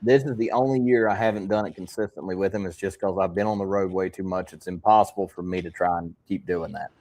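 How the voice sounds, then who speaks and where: A man hosting a podcast, telling fishing stories in a calm, dry way with some laughs. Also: low voice, fast. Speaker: podcast host. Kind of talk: casual podcast chat.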